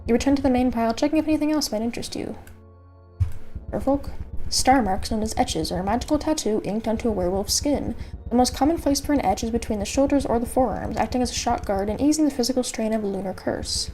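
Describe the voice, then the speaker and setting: A woman's voice: on the high side, fast, dark tone, faint music behind. A woman streamer reading a dating game aloud, narrating with playful, chatty asides.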